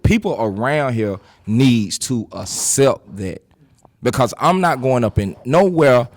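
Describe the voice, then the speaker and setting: A man's voice: medium pitch, lively intonation, slow pace, no echo. A man speaking on a panel, emphatic and direct, repeating himself for force. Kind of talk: impassioned panel talk.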